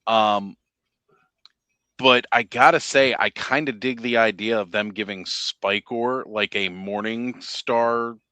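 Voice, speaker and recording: A man co-hosting a casual chat, his low voice bright and forceful. He talks eagerly with plenty of fillers, recorded close and dry with no room sound. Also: fairly even intonation, takes it slowly, clear, resonant tone, no echo. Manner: enthusiastic, chatty, many fillers. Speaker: podcast co-host.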